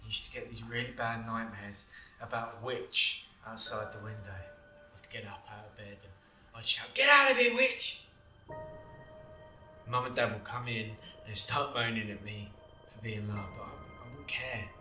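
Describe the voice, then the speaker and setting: A man's voice: fairly low pitch, fairly even intonation, moderate pace, bright, forceful tone. A young man playing a protective older brother, talking in an earnest, tender, pleading way in a short film. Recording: roomy echo from a distance, music behind.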